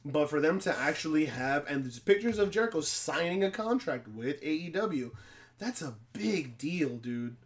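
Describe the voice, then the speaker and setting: A man co-hosting a casual podcast, teasing his friends and jumping in to interrupt. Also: a little high. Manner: animated, teasing, quick to interrupt. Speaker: podcast co-host. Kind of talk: casual chat.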